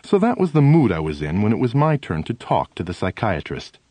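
Male audiobook reader, first-person memoir, animated storyteller, dry close sound. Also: fairly low pitch, a little fast, dry recording. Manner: animated storytelling with shifting emphasis.

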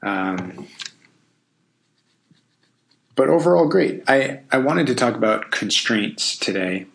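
A man's voice: mid-range voice, animated, slow, vocal fry, fairly bright tone. A man hosting a casual solo podcast, thinking aloud in a loose, self-deprecating way with frequent ums and restarts. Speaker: podcast host.

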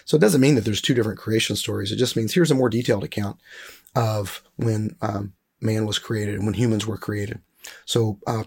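A man with a husky, gravelly voice teaching a Bible lesson. He reads scripture passages slowly and carefully, then explains them in a relaxed, conversational way with plenty of fillers. His pitch sits in an ordinary middle range.

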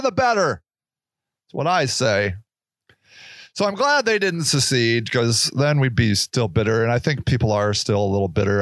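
A man's voice: no room sound, clean studio sound. Rambling, profane male podcast host. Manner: rambling, profane, jokey, with sudden pitch jumps. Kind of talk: casual rambling monologue.

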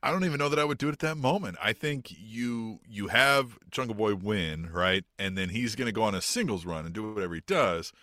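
A man's voice: on the low side, expressive, brisk, few pauses, pushed and bright, no echo, studio quality. A man co-hosting a casual wrestling podcast, laughing often and swearing as he chats. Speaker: podcast co-host.

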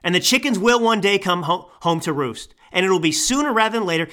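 A man's voice: high-pitched, animated, a little fast. A man in his thirties, a podcast host, delivering an angry political commentary rant into a microphone. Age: 30s. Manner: angry, ranting, yelling. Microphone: studio microphone.

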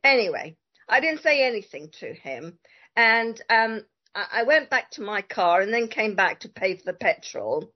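A woman's voice: mid-range voice, sing-song, moderate pace. A woman guest in casual conversation, telling a story emphatically and indignantly, with many fillers. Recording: dull lo-fi audio.

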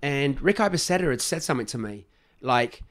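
Fast-talking english man telling animated stories on a podcast, mid-pitched voice. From England. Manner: animated, acts out quoted voices. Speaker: guest, skateboard company founder. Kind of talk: casual podcast storytelling.

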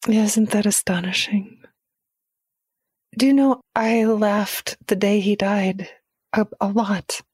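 A woman's voice: mid-range voice, steady tone, slow pace, pauses often, darkish tone, breathy edge, dry recording, studio quality. A middle-aged woman speaking candidly and earnestly as a podcast guest, laughing easily as she reflects. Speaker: guest poet.

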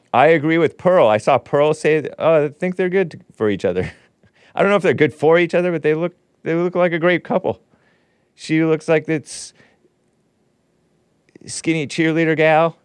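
A man's voice: fairly high pitch, clear, resonant tone, no echo. A man hosting a livestream show, talking in a rambling, sardonic way with chuckling asides from his studio. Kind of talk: casual commentary. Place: home studio.

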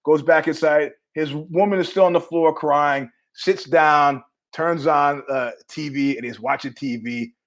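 Speaking a little slowly with hardly any pauses, this man hosts his own podcast in a fairly high voice. His storytelling is casual and lively, complete with impressions of the characters and chuckles at his own story.

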